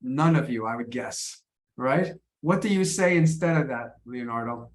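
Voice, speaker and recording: American male English teacher, video call, patient, encouraging, average pitch. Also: animated, moderate pace. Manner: patient, encouraging, repeats words as he thinks. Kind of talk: online class teaching.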